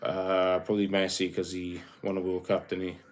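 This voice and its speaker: A young man from Wales with a South Welsh accent, chatting casually on a livestream and reading viewer comments aloud in a relaxed, rambling way. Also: low-pitched, moderate pace. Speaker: livestream host.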